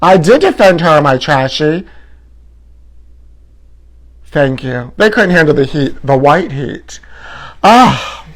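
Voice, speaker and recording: A man hosting a comedy show, delivering a campy, sassy and theatrical tabloid gossip monologue. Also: on the high side.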